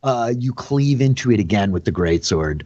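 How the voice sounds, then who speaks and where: A man's voice: on the low side, expressive, normal speed, dark tone, muffled recording. A man narrating a tabletop game as dungeon master, telling the scene loosely with plenty of fillers. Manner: loose, filler-heavy storytelling.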